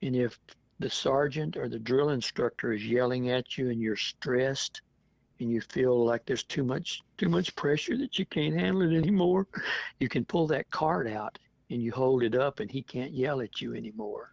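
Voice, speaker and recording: An oral history interview features a seventy-something veteran who tells stories chattily, laughing often as he performs other people's lines. He has a medium-pitched, gravelly, husky voice with a darkish tone and a moderate pace, and the dull, lo-fi recording is dry with no room sound.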